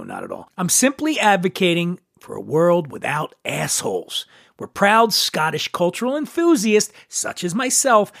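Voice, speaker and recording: Male podcast host, crude mock-macho comic bits, gravelly, bouncing pitch, dry close mic. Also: fairly bright tone, no echo. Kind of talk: comedic monologue.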